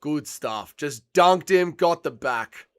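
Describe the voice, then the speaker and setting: An excitable man hosts a live fight watch-along, bantering with his chat and swearing freely. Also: on the high side, slow pace, smooth, no echo, studio quality. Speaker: livestream host.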